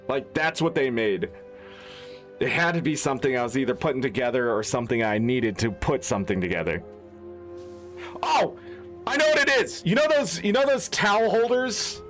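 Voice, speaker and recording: Heated gamer-streamer rant, man, high voice with big swings, faint music underneath. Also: sing-song, moderate pace, fairly bright tone. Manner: heated, profane ranting. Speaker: gaming streamer. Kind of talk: unscripted rant.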